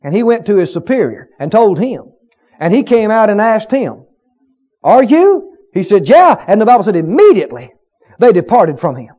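A man preaching a fervent sermon, repeating short phrases and building to shouts before dropping low. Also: big pitch swings, moderate pace, dull audio.

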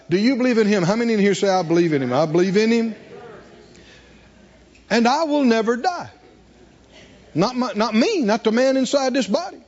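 A male pastor preaches in a high, animated voice that swings widely in pitch. He reads scripture aloud and throws rhetorical questions to the congregation. The sound is dull and lo-fi, as if taped in a church. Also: moderate pace, long pauses. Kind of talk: sermon.

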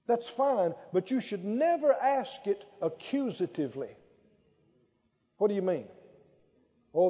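A man's voice: sits high, mellow. A male pastor preaching a sermon, stretching out key phrases and leading the congregation in repeating lines back. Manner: emphatic, drawn-out phrases with call-and-response. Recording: dull, lo-fi sound with long hall reverb.

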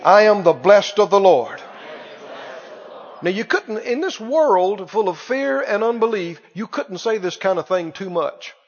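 A man delivers a sermon with a high voice, hammering the same words over and over and prompting the congregation to answer back. The recording is muffled and carries long church reverb. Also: animated, measured pace, a little hiss or hum. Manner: emphatic, repetitive preaching, calls for audience response. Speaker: pastor. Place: church hall.

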